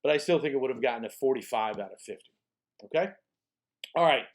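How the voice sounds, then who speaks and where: A man teaching a college speech course in a recorded lecture, explaining steps one by one, repeating himself and checking in with "okay?", slowing down to stress key phrases. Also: mid-range voice, lively intonation.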